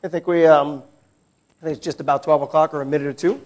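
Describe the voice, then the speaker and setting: A man's voice: on the high side, steady tone, quick pace, darkish tone. A man from New York with an American accent, giving a technical conference talk and joking with the audience. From New York, United States. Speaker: conference speaker. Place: large conference hall.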